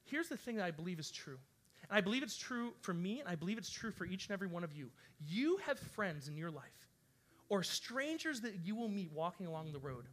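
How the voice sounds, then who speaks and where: A man preaching as a pastor, telling a story in an animated, chatty way with lots of fillers. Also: sits high, a little fast. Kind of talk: storytelling sermon.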